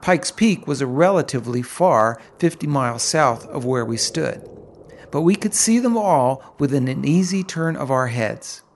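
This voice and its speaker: A middle-aged man reading a first-person story aloud, in an unhurried, vivid and descriptive manner. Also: mid-range voice, lively intonation, a little hiss or hum. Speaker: narrator. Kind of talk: first-person audiobook narration.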